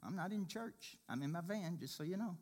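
A man telling a personal faith testimony in a sermon, shifting between quiet murmurs and loud, excited exclaiming. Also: a little fast. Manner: animated storyteller, swings from low murmurs to loud exclaiming.

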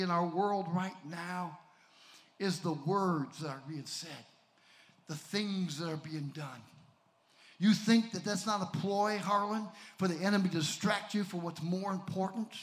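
A man preaching a sermon, swinging from shouts to near whispers and calling out to the congregation. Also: high-pitched.

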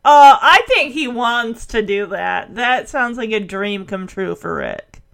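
A woman giving a casual, animated recap of a TV episode, laughing as she acts out the characters. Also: fairly high pitch, slow, creaky. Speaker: show recap host.

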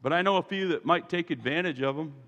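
A man preaching a sermon as pastor, moving from quiet asides to loud, emphatic calls to his congregation. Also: on the high side, fast talker, long reverb tail. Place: church sanctuary.

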